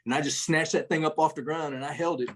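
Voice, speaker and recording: Middle-aged guy telling salty army stories, husky voice, kinda high for a man. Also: steady tone, fast talker. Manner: rambling, profane, folksy storyteller. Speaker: podcast guest, retired first sergeant. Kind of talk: casual storytelling interview.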